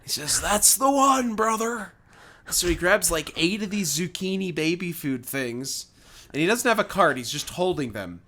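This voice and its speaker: Lively man telling a story. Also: on the high side, moderate pace. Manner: animated anecdote teller, acts out quoted people. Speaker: podcast co-host. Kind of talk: casual chat, storytelling.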